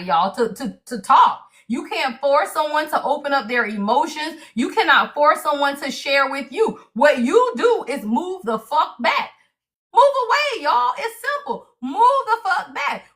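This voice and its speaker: A woman giving a livestream tarot reading, lively and salty, cursing freely and throwing in "y'all.". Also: sits high. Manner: animated, salty, cusses freely, keeps saying y'all. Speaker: tarot reader.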